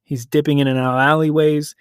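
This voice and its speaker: A man's voice: fairly high pitch, little pitch movement, clean tone, dry recording, studio quality. A man hosting a podcast, casually retelling a story in a loose, conversational way. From United States. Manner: conversational, loose, self-correcting retelling with quick paraphrased quotes.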